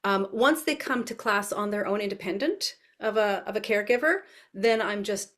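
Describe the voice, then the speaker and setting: A woman's voice: medium pitch, animated, normal speed, fairly bright tone. A middle-aged woman dance educator explaining her teaching with enthusiasm in an interview. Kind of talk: interview answers.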